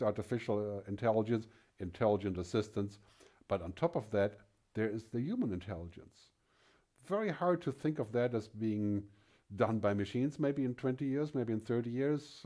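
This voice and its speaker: A man's voice: mid-range voice, mellow. A man giving a conference keynote speech, speaking emphatically with rhetorical questions and frequent tags of "right?".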